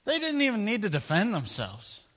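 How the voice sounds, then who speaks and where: A man preaching a sermon, retelling scripture in an animated storytelling way and laughing often. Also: high-pitched, moderate pace, long reverb tail.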